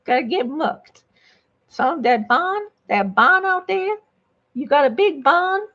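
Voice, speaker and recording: A woman's voice: high-pitched, animated, slow pace, bright, forceful tone, dull audio, exaggerated voice. Woman putting on a sassy old Southern grandma. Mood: folksy. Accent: put-on Southern US. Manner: drawling, sassy, mock-indignant. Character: dignified old Southern grandma, bossy and folksy.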